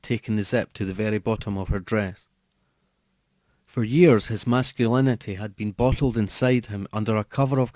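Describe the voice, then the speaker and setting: A man narrating a horror audiobook with measured, steady storytelling. His tone is mellow and warm, recorded close and dry with no room sound. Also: fairly low pitch, no room sound. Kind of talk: scripted narration.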